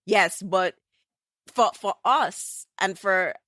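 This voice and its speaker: A woman's voice: mid-range voice, drawn-out words, no echo, clean studio sound. A woman with a Jamaican accent hosting a casual interview podcast, telling stories and slipping into patois. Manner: lively storyteller slipping into patois. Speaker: podcast host.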